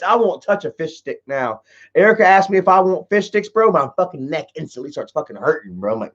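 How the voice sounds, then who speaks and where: A man's voice: fairly high pitch, big pitch swings, normal speed, highs cut off. A man hosting a livestream, telling rambling stories full of swearing, peppered with "you know" and "bro". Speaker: livestream host answering chat. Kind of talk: casual profane storytelling.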